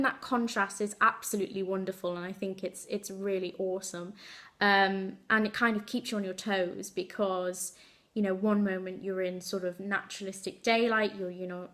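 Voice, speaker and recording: A young woman talks through a film review in a relaxed, chatty way, pausing often on fillers and correcting herself mid-sentence. Her voice sits at an ordinary middle pitch for a woman. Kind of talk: casual spoken film review.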